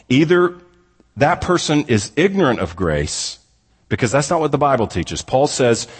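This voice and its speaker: A man preaching a sermon as pastor, earnest, slowing down for emphasis and then speeding up to argue. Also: mid-range voice, husky. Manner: earnest preaching, pace swinging from slow emphatic to rapid. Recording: reverberant hall.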